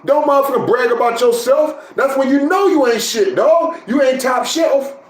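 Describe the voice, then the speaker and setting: A man's voice: very high voice, moderate pace, reverberant, slight background noise, poor audio. A man giving scornful, profane reaction commentary.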